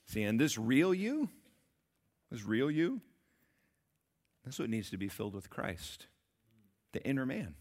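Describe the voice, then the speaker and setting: A man preaching a sermon, asking his congregation questions and swinging between loud emphatic peaks and quiet low passages. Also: very animated, measured pace, long pauses. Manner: asks the congregation rhetorical questions. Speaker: pastor.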